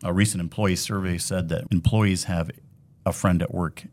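A man with a Minnesotan accent speaks in a low, deep voice. He is an executive guest on a podcast, earnest and upbeat, leaning on tidy leadership phrases as he chats. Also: steady tone, normal speed, a little mellow. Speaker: credit union CEO, podcast guest. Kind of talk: casual interview.

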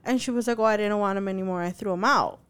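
Young woman, podcast co-host, casual storytelling, smooth clear voice, swears freely. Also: medium pitch, very fast, fairly bright tone. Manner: chatty, full of "like" fillers, swears freely.

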